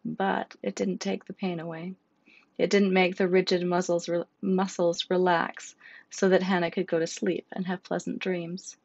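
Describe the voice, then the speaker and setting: A woman narrating a storybook in a steady, measured way. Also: lowish voice, dry recording. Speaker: audiobook narrator. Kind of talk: scripted narration. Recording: dull, dry lo-fi recording.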